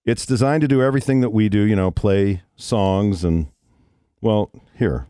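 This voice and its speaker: A man's voice: lowish voice, normal speed, dark tone, clean tone, no echo, studio quality. A man hosting a morning rock radio show, telling a story in a wry, conversational way. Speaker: radio host. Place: radio studio.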